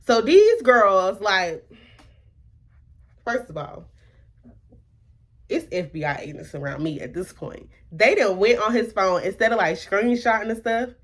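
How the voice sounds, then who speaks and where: A young woman recounts a personal drama to her viewers, animated and talkative. She keeps asking rhetorical questions and acts out what everyone said. Her voice sits in a middle range for a woman. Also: mid-range voice. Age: young adult. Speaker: vlogger. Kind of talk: storytime vlog.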